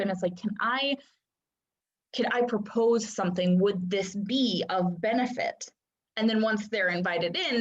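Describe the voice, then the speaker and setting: A young adult woman coaching in casual talk, full of "like" and "right?", acting out inner voices with whispers and gasps. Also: medium pitch. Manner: chatty, lots of "like" and "right?" fillers. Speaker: human design coach. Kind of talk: casual teaching monologue. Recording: dull lo-fi sound.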